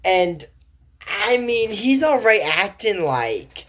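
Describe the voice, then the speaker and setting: A man's voice: high-pitched, very animated, takes it slowly, slight background noise. Rambling man recapping a cartoon. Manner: rambling, incredulous, full of fillers and asides. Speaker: cartoon reviewer. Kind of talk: casual commentary recap.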